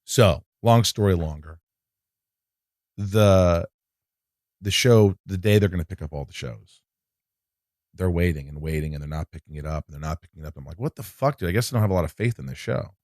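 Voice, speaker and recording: A man's voice: low-pitched, brisk, pauses often, darkish tone, no echo, studio quality. A man, an actor, telling a long story in casual chat, acting out quotes and swearing freely. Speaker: actor guest.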